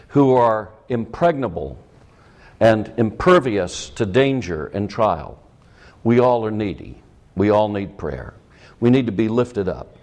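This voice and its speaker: A man's voice: mid-range voice, darkish tone. A middle-aged man preaching a sermon as pastor, with emphatic rising peaks.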